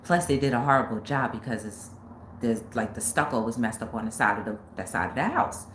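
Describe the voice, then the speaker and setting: A woman's voice: extremely low pitch, brisk, echoey room, a little hiss or hum, voice pushed down. A woman doing a curt, dismissive man.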